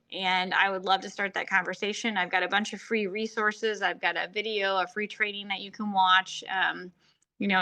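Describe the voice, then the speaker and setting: Bright-voiced woman, earnest podcast host. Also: mid-range voice. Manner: earnest, heartfelt, peppered with "like" and "um". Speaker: podcast host and faith-based marriage coach. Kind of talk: casual podcast monologue.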